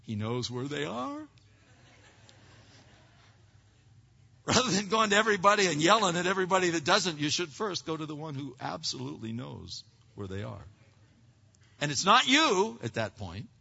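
Bright-voiced pastor preaching a casual sermon. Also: male voice, a little high, big pitch swings, measured pace, creaky, pauses often, slightly rough. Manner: conversational preaching with frequent restarts and repeated words. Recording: dull lo-fi recording.

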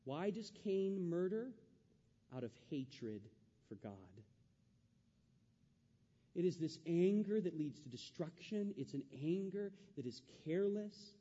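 A man's voice: high voice, lively intonation, slow pace, pauses often, mellow, big-room sound, highs cut off. A male pastor preaching a sermon, acting out the quoted voices with rising intensity.

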